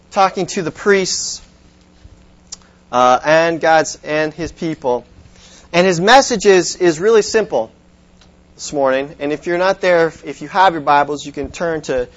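A man preaching from the pulpit in a fairly high voice, speaking in a loose, conversational way that stumbles and restarts. The sound is dull and lo-fi. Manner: conversational, with many restarts and repeated words. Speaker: pastor. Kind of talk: sermon.

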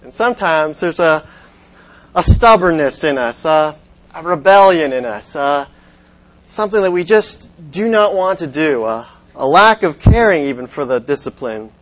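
A man's voice: a little high, lively intonation, normal speed, highs cut off. A male pastor preaching a sermon in a conversational tone, often restarting and repeating words.

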